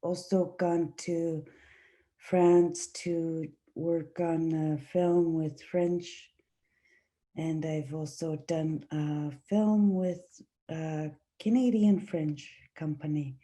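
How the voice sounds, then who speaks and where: Slow-speaking woman with a dark voice. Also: low-pitched, fairly even intonation. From Igloolik, Nunavut. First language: Inuktitut. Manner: slow, searching, many fillers and restarts. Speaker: actress. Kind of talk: panel discussion answer.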